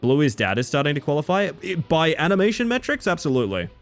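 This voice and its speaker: A man's voice: fairly high pitch, very animated, fast talker. A man streaming a racing game, chatting and joking with his viewers as he plays. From Isle of Man and Australia. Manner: chatty, jokey, reacting to chat. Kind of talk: casual gaming commentary.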